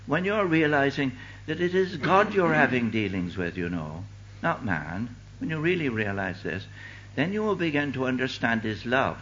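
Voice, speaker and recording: An older man preaching a sermon with fervent delivery, swinging from loud declaiming to hushed asides. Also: medium pitch, big pitch swings, normal speed, dull audio.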